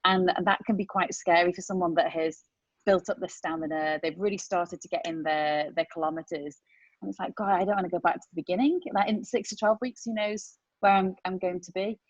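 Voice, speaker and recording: Emphatic low-voiced woman on a podcast. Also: moderate pace, no echo. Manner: animated, emphatic storytelling. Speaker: medical professional guest. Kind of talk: casual podcast chat. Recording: dull dry podcast audio.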